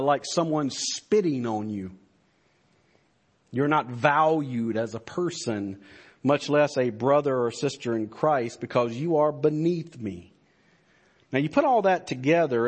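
A man preaching a sermon as pastor, earnest and emphatic, building points through repetition. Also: medium pitch.

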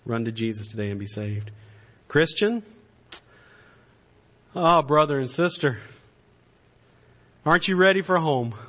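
A man delivers a revival-style sermon from the pulpit of a church. His voice is somewhat high and very bright, with a piercing edge. He climbs into passionate, near-shouted exhortation, then drops low and soft to plead with the congregation. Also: expressive, unhurried, pauses often. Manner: impassioned preaching, shouting at climaxes then dropping to a soft plea. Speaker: pastor. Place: church sanctuary.

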